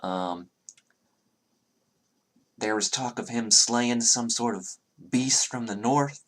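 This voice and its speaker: A man's voice: medium pitch, slow, fairly bright tone, voice pushed up. A man voicing an unnervingly polite male tavern keeper who shares gossip with hesitant fillers.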